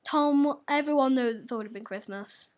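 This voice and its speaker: Young woman, high voice, giggly, teasing, casual gaming chat. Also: normal speed. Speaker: gaming channel host.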